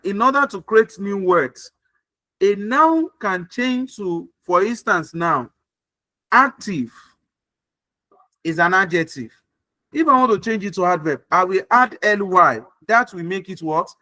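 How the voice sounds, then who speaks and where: A man teaches grammar over a video call, his voice high and bright. He speaks slowly and keeps asking whether his students understand. The sound is dry and close. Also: dry recording. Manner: repeats points and checks understanding often. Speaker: English tutor. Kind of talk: online grammar class.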